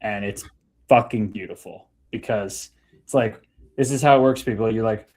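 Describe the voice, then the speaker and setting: A man hosts a casual podcast and muses on ego and personal growth. He uses spiritual terms and swears casually. His voice sits at an ordinary middle pitch. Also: normal speed, a little mellow. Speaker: podcast host. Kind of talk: casual conversation.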